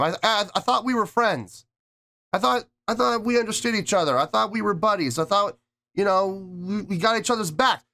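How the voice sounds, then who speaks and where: A man hosting a music reaction show, talking casually with animated, mock-indignant joking. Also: high-pitched, fairly quick. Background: song playing faintly.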